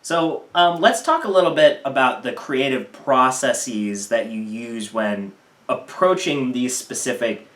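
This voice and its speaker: A man hosting a casual interview in a relaxed, easygoing way, with lots of short replies. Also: mid-range voice, measured pace. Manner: laid-back, lots of short back-channel replies. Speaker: interview host. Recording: roomy echo.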